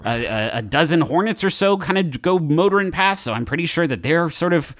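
A man putting on a jittery young fellow, high-pitched, stammering, rushed, flustered. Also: animated, close to an everyday voice. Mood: anxious. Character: young man, panicky and rambling.

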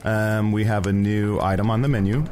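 A man's voice: fairly low pitch, fairly even intonation, moderate pace, darkish tone, close to an everyday voice. A man voicing a dry, teasing talking badger shapeshifter in an improvised comedy podcast.

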